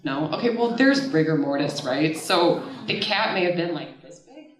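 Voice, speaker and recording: A woman in her thirties tells a personal story at a live storytelling night, loose and chatty, often laughing and cursing mid-sentence. Her voice sits a bit low but jumps all over in pitch. She sounds like she is standing back from the mic in a roomy, echoing hall. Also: expressive, moderate pace, very noisy. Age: 30s. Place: stage at a live storytelling event. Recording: echoey room, voice from far off the mic.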